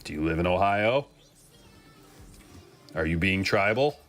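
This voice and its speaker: A man's voice: low-pitched, animated, a little slow, a bit bright, soft background music. A man hosting a live trading card break, chatting casually and joking with viewers while he opens packs. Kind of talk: casual live-stream commentary.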